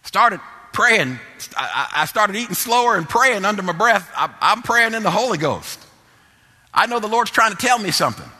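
A man preaches a sermon through a personal story, his voice bright and a little high. He drops to low murmurs, then climbs to loud exhortation. Long reverb from a large hall trails behind him. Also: big pitch swings, normal speed.

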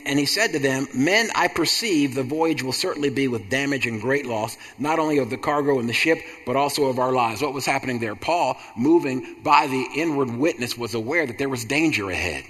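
A man's voice: medium pitch, fairly bright tone. A man preaching a sermon in a repetitive, rhythmic cadence that builds to emphatic bursts. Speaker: pastor. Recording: long hall reverb.

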